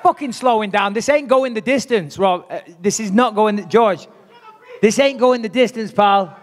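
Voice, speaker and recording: A man's voice: sits high, normal speed. Brash, profane man taunting in a hall. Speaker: fighter at a press conference. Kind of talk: trash talk at a press conference. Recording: long hall reverb.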